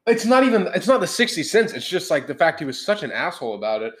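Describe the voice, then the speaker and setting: A man's voice: on the high side, sing-song, fast, a bit bright. A young man hosting a podcast, telling a heated story in casual chat. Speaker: podcast host. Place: podcast room.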